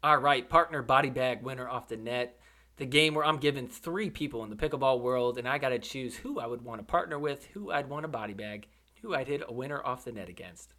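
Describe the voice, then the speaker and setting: A man hosting a podcast, giving casual, joking commentary over sports highlights. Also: brisk, pushed and bright. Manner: playful, joking, laughs often. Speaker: podcast host.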